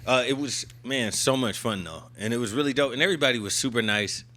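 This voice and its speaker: A man's voice: mid-range voice, fast. A man hosting a podcast, telling stories in casual chat and calling his co-host "bro" and "brother". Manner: animated storyteller, keeps calling the listener "bro" and "brother".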